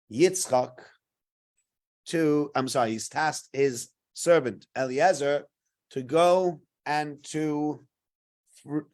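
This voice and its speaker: A man teaching a weekly Torah portion class, telling the story in an animated way and mixing in Hebrew and Yiddish terms. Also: fairly high pitch.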